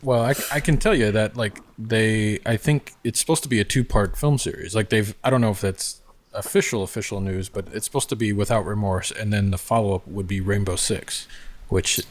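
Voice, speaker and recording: A man's voice: fairly low pitch, fairly quick, few pauses. A man chatting casually, rambling through his theories with lots of fillers. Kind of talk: casual chat.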